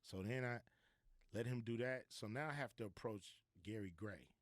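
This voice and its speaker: A man as a podcast guest, telling a story in a laid-back, slangy, animated way. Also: medium pitch, normal speed, no room sound, clean studio sound. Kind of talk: casual storytelling.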